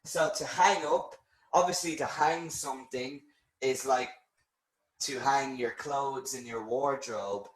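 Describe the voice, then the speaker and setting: A man's voice: mid-range voice, slow pace. A man teaching English phone vocabulary in a live lesson, patiently explaining and answering viewer questions. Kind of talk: live-streamed language lesson. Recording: roomy echo.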